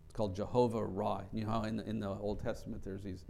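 Male preacher, low gravelly voice with a dark, mellow tone, earnest and a little halting. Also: flat delivery. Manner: earnest, repeats words, slow deliberate scripture reading. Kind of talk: Bible study sermon.

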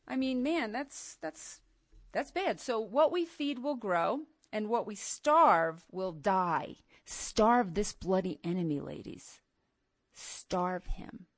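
A middle-aged woman preaching to a women's gathering, emphatic and animated, moving from soft asides to loud outbursts. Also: medium pitch, no room sound, clean studio sound. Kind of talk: sermon.

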